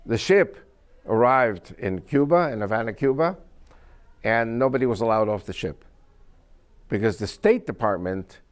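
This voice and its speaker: A man's voice: medium pitch, expressive, moderate pace, long pauses. Emphatic man lecturing an audience. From United States. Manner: emphatic, quizzes the audience with questions. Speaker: speaker to an audience. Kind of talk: lecture-style storytelling.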